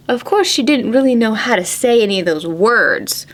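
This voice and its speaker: A woman librarian reading a picture book aloud to preschoolers, expressive and animated, sometimes dropping to a whisper. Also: fairly high pitch, moderate pace. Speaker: children's librarian.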